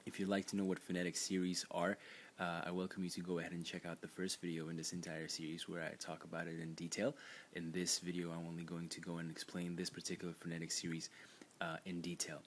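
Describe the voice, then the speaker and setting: A man's voice: low-pitched, monotone, quick pace, slight background noise. A man teaching a lesson in an unscripted, explanatory way, with frequent fillers and restarts as he points things out on screen. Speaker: language teacher. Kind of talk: screen-recorded lesson narration.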